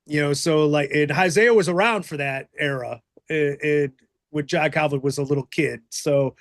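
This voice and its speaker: A man's voice: on the high side, normal speed, no echo. Dry-sounding male podcast host. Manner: rambling, filler-heavy. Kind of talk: casual chat.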